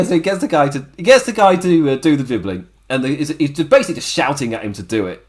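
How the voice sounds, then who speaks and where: A man's voice: on the high side, big pitch swings, fairly quick. A man hosting a casual wrestling review podcast, laughing often and acting out the wrestlers' lines. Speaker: podcast host.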